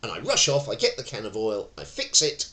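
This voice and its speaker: A middle-aged male tai chi instructor who tells his lessons as stories. His pitch swings widely, and he sits fairly low in his range. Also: fairly quick. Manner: animated storyteller who acts out voices. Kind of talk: teaching talk with anecdotes.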